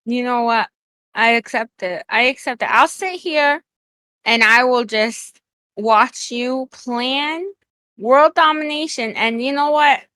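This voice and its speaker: A woman chatting playfully on a stream, excitable and teasing, firing off quick questions. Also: a little high, dry recording. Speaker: guest streamer.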